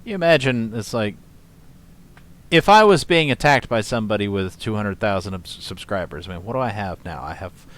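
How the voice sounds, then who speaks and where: A man's voice: on the low side, expressive, moderate pace, a bit bright. Scoffing, rambling male commentary host. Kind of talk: casual reaction commentary.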